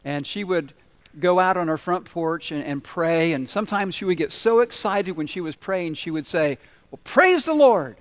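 A man's voice: a little high, moderate pace, clear, resonant tone. A man preaching a sermon, telling humorous stories and asking the congregation questions. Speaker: pastor.

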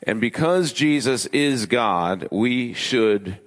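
A man preaching a sermon as pastor, emphatic, building his lists with rising pitch. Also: expressive, takes it slowly. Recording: long hall reverb.

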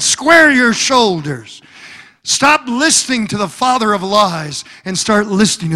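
A man's voice: high-pitched, animated, a little slow, pushed and bright, in a large hall, a faint crowd. A male preacher delivering a fervent, rhythmic sermon in church.

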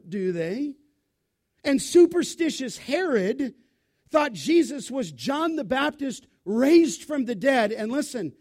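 A man preaching a sermon to his congregation, emphatic, asking questions and answering them, swinging between loud bursts and quiet asides. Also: extremely high pitch. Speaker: pastor.

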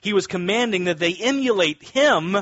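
High-voiced male preacher, dry close sound. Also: expressive, moderate pace, fairly bright tone, dry recording, dull audio. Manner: storytelling, building to emphatic scripture readings. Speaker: pastor. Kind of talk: sermon.

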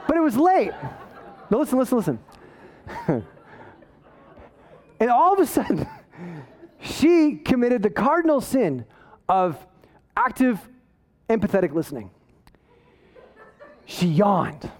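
High-voiced, conversational male preacher. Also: very animated, takes it slowly, pauses often, a little mellow. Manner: storytelling, self-deprecating and conversational, rising to emphatic preaching. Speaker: pastor. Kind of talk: sermon.

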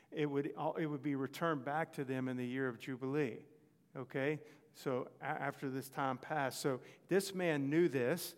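A man's voice: medium pitch, in a large hall. A man preaching a sermon in a conversational way, often stopping to check in with his listeners. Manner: conversational, frequent "okay?" check-ins.

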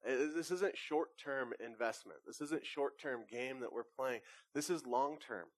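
A man's voice: medium pitch, measured pace, no echo. Conversational male pastor preaching in a dry room. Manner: conversational preaching with animated anecdotes. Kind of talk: sermon.

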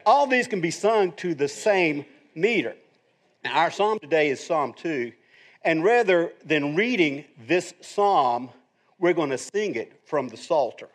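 A man's voice: fairly high pitch, big pitch swings, moderate pace. A middle-aged man preaching a sermon as a pastor, in a conversational, joking teacher's tone.

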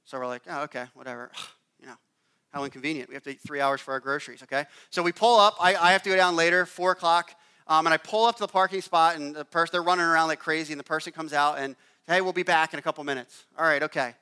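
A man in his thirties gives a relaxed, storytelling sermon, often checking in with the congregation with a quick "okay?". His voice is bright and smooth, a little higher than most men's. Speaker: pastor. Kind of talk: conversational sermon.

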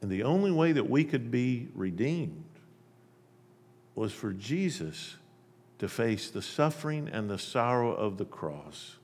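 A male preacher giving an emphatic sermon, telling a parable and shifting between loud and soft delivery. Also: medium pitch, very animated, a little slow, breathy edge, big-room sound.

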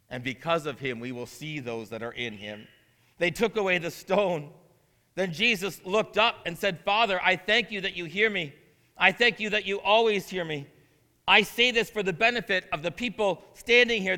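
An interim pastor preaches in a church sanctuary, his high-pitched voice bright and forceful under long church-hall reverb. He reads scripture and makes earnest asides that build to emphatic proclamation.

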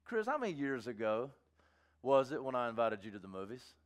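A man's voice: mid-range voice, very animated, fairly quick. A middle-aged man preaching a sermon, moving between fervent exhortation and chatty storytelling with acted-out asides. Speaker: pastor.

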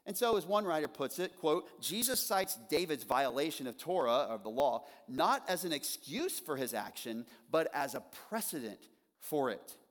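A man's voice: a little high, big pitch swings. Male preacher in a reverberant hall. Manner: earnest expository preaching, slowing and repeating key phrases. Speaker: pastor. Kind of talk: sermon.

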